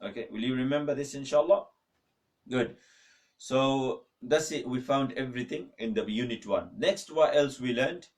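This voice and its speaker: A man teaching an online Arabic lesson from a mosque, slowly repeating words and asking viewers to write in the comments. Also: mid-range voice. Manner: slow, repetitive drilling, asks for comments.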